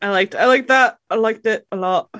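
A woman's voice: fairly high pitch, moderate pace, fairly bright tone, dry recording. A woman co-hosting a podcast in casual chat, chatty and given to giggles. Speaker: podcast co-host.

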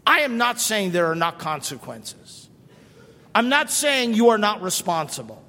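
Middle-aged male pastor, high lively delivery, unhurried, emphatic repetition, large hall reverb. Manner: animated, rhetorical questions, emphatic repetition. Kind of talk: sermon.

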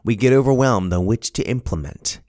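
A middle-aged man hosting a podcast, telling a story in a casual, animated, self-amused way. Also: mid-range voice, fairly quick, no echo, studio quality. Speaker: podcast host.

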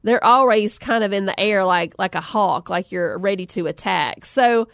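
A middle-aged woman, telling a funny personal story, chatty and animated, laughing often and acting out the voices she quotes. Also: medium pitch, moderate pace, vocal fry, dry recording, clean studio sound. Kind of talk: humorous storytelling talk.

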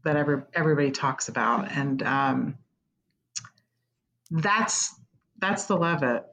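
Speaking as an interview guest, the executive director of a concert pavilion, a middle-aged woman with a Midwestern American accent, opens up candidly and earnestly about her work, sometimes tearfully, in an emotional conversation. Her low-pitched, slightly bright voice has lively intonation and a measured pace. The recording is low quality.

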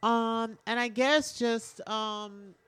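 A woman hosting a radio show, talking loosely and candidly with lots of "like" and frequent swearing. Her voice sits at an ordinary pitch for a woman. The studio sound is dry and close, with no room around it. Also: steady tone, very slow, fairly bright tone, smooth, dry recording, faint music behind. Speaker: radio host. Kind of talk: casual radio chat.

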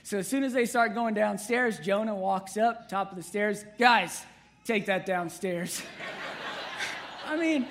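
A man's voice: high-pitched, a little slow, a little hiss or hum. A man, preaching a conversational sermon with humorous asides to the congregation. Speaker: pastor.

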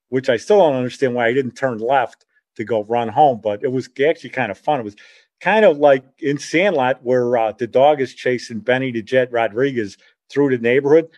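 Rambling middle-aged man telling a story. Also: mid-range voice. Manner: rambling, animated, self-correcting. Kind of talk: casual spoken reminiscence.

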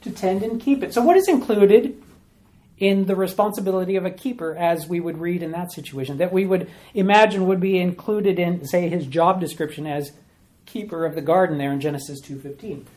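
A man's voice: sits high, fairly quick, a little mellow. A man preaching, teaching through a Bible passage verse by verse, asking questions and repeating key words for emphasis. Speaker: pastor.

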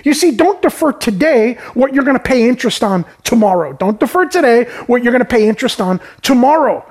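Pastor, sermon, husky voice, mid pitch, urgent, repeats lines, calls on listeners. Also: lively intonation, brisk. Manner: urgent, repetitive preaching, calling on listeners.

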